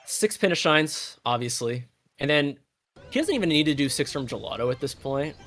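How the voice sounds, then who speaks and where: A man's voice: a little high, lively intonation, moderate pace, a bit bright. A man casually commentating a live video game race, analytical and chatty with lots of filler words. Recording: faint music behind.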